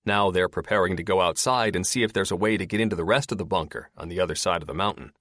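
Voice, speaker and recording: A man narrating a paranormal audiobook in expressive scripted storytelling. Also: low-pitched, fast, no room sound, clean studio sound.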